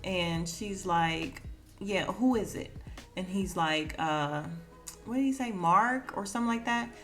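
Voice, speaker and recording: A woman's voice: mid-range voice, unhurried, fairly bright tone, faint music behind. A woman hosting a podcast, recapping an episode in a casual, chatty way, laughing and acting out the characters' lines. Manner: chatty, laughs often, acts out quotes. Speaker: podcast host.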